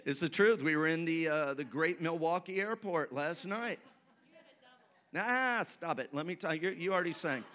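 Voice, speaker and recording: Male pastor, high bright voice, sermon delivery with call-and-response and humor. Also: animated, normal speed.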